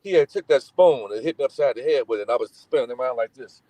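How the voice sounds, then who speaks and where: A man's voice: medium pitch, fast talker, dry recording, rough recording. A middle-aged man from Gary, Indiana, telling family stories in casual talk, acting out the voices of people in them. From Gary, Indiana, United States. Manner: animated, acts out voices in his stories. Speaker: guest. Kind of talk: casual storytelling.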